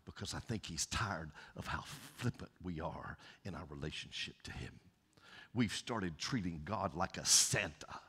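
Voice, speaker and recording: A middle-aged man with a Southern accent preaching a folksy sermon, swinging from loud calls to soft near-whispers. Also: deep voice, husky. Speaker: pastor. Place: church sanctuary. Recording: long church reverb.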